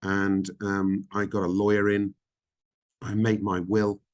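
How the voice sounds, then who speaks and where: A middle-aged man talks openly as an interview guest. His voice sits a little low, and he speaks reflectively, often pausing with ums and restarting his sentences. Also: monotone. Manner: reflective, frank, halting with frequent ums. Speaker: podcast guest. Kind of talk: candid interview conversation.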